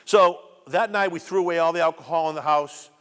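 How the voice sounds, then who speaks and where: Addressing students in a community program hall, a middle-aged man shares his testimony forcefully and repeats himself often. His voice is a little high, a little fast, fairly bright, clear and resonant, and the hall adds a long reverb.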